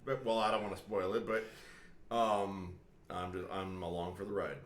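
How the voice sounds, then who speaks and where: A man's voice: deep voice, level tone, normal speed, roomy sound. A man co-hosting a radio show, hesitant and stammering, sounding amused. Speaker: radio co-host. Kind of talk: casual chat.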